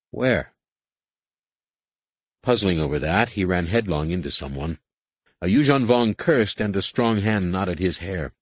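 A man narrating an audiobook in steady, measured scripted narration. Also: low voice, breathy edge, no room sound.

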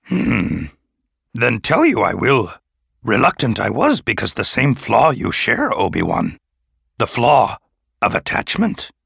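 A man putting on an ancient little alien master, stern but with a dry gentleness, who twists his sentences backwards and hums as he weighs each word. The voice is low and gravelly, close and dry, like a storybook reading. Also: huge pitch swings, slow, dry recording, exaggerated voice. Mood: probing. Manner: inverted word order, thoughtful hums. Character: ancient small male alien sage, stern yet dryly gentle.

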